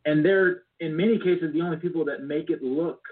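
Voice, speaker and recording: A man's voice: on the high side, brisk, breathy edge. A man talking as a guest in a casual interview, earnest and reflective, sometimes restarting his sentences. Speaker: business club founder, guest. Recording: tinny phone-like line.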